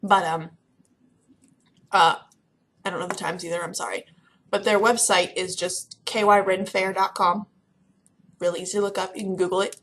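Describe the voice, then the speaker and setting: A young woman from Kentucky chatting casually to camera in a vlog, excitable and rambling. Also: lowish voice, moderate pace, long pauses, slight background noise. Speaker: vlogger. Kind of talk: casual chat.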